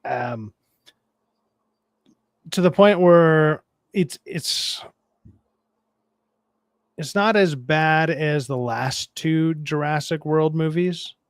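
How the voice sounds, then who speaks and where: A man with a low, raspy voice in a casual podcast chat, rambling and swearing through a movie review. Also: very slow, pauses often, no echo, clean studio sound. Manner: profane, rambling, wry.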